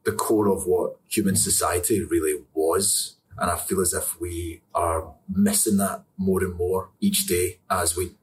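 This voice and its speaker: A young Scottish man with a fairly low voice talks in a loose, rambling way and laughs as he goes. The mic sits back from him, with a faint room hum underneath. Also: steady tone, unhurried, few pauses. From Scotland. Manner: chatty, rambling, laughs often. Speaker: actor interviewee. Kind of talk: casual interview answers. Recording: distant mic with faint ambience.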